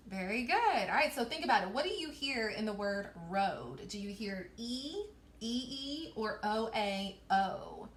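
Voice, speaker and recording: A woman teacher giving a recorded online reading lesson to young children, slowly stretching out and sounding out words in a sing-song way. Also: mid-range voice, fairly bright tone, slight background noise. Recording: echoey room.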